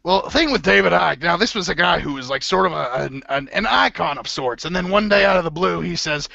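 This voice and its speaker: Man impersonating a gravelly blustering conspiracy host. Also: sits high, lively intonation, fairly quick, bright, forceful tone, no room sound, full character voice. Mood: rambling. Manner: rambling, stammering, self-correcting rants. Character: blustering middle-aged male conspiracy radio host. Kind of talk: improvised comedy impression. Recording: dull lo-fi stream audio.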